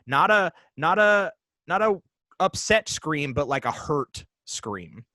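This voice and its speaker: A man in his forties, a podcast guest, telling a story casually and haltingly with many fillers and restarts. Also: on the high side, very animated, pushed and bright, dry recording.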